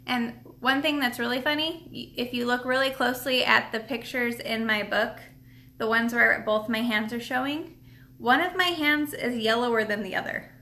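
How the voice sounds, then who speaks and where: Sitting at a table in her home, this nail product seller runs a casual live stream tutorial in a higher-pitched, sharp, steady voice at a moderate pace. She's chatty and rambling, restarting often and using plenty of fillers, and she's slightly out of breath.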